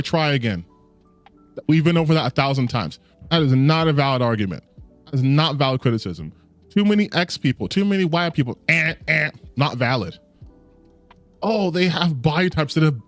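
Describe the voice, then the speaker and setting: A man ranting bluntly about video games in exasperated, profane commentary. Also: on the high side. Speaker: gaming commentator.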